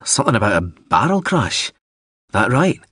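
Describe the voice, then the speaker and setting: A man voicing a blunt, weary female soldier who speaks in clipped, flat lines. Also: mid-range voice, moderate pace, husky, no echo, clean studio sound, exaggerated voice. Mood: curt.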